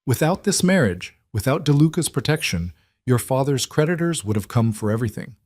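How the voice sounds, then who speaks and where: Guy voicing a teary guilty mom, pleading, pitched up a bit, dry. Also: big pitch swings, fairly quick, a little mellow, no room sound. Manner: pleading, sorrowful. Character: tearful, remorseful middle-aged mother.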